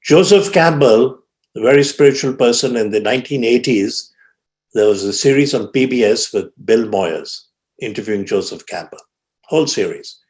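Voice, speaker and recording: A man giving a keynote talk at a symposium, telling a story with dramatic pauses and acting out the people he quotes. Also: medium pitch, animated, a little mellow. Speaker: symposium speaker. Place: conference hall.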